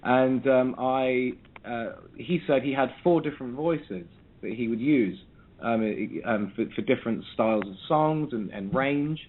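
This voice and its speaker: A man's voice: mid-range voice, measured pace, slight background noise. A man from South London, a musician guest talking over a phone line in a reflective way, often restarting his sentences. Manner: reflective, with frequent restarts and ums. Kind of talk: casual interview.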